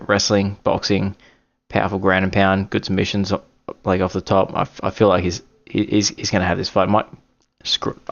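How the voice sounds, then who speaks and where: Gravelly low man rambling. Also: dull audio. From Australia. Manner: rambling, self-correcting, apologetic. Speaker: podcast host giving fight picks. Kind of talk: casual solo commentary.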